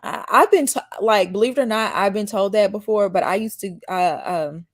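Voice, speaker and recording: A woman's voice: medium pitch, moderate pace. A woman from Mississippi with a slight Southern country accent, chatting casually as a YouTube host on a live stream and answering viewer comments. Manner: chatty, rambling, reads viewer comments aloud and answers them. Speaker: YouTube host reacting to a dating show.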